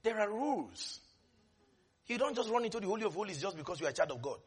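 A man preaching a sermon dramatically, swinging between quiet asides and sudden shouts with laughter. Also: high voice, sing-song, fast, slightly rough.

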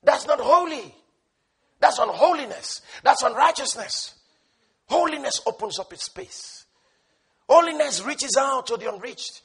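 A man preaching a sermon with fervor, swinging from shouted peaks to hushed asides and laughing as he goes. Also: very high voice, animated, measured pace, vocal fry.

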